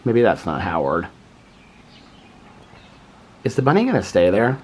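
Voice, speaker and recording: A middle-aged man vlogging at home in casual chat, excitable and chatty, breaking off now and then to talk about animals in the yard. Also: fairly low pitch, a little slow, a little hiss or hum.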